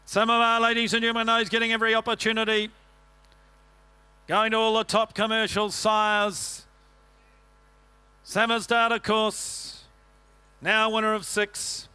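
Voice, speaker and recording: A man working as an auctioneer, rattling off bids in a quick rhythmic chant and coaxing bidders. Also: high-pitched, pushed and bright, clear, resonant tone. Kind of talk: livestock auction calling.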